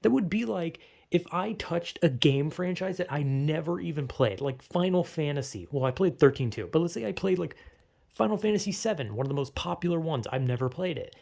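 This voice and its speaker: A man's voice: a little high, lively intonation, a little fast, vocal fry, a little mellow. A young man ranting casually and profanely, exasperated, often acting out the people he quotes. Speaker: vlogger. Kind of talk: casual rant.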